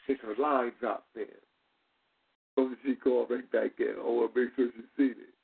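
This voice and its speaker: A man hosting a call-in show, animated, laughing and greeting callers by name. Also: mid-range voice, normal speed, vocal fry, husky. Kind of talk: casual call-in chat. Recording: phone-like lo-fi call audio.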